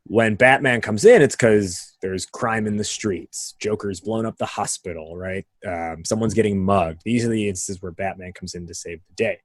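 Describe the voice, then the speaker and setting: Low-voiced man hosting a podcast. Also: normal speed, hardly any pauses, no echo. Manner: animated explainer with vivid analogies and frequent tag questions. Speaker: podcast host. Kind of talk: casual podcast conversation.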